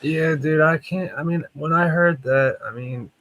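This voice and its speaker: A man in casual podcast chat who talks haltingly with many restarts, saying "dude" and "like". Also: fairly high pitch, a bit bright, dry recording, low-quality recording. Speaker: podcast co-host.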